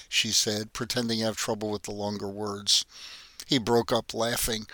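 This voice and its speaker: A man reading a story aloud as a steady narrator. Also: fairly low pitch, moderate pace, no room sound. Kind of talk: scripted narration.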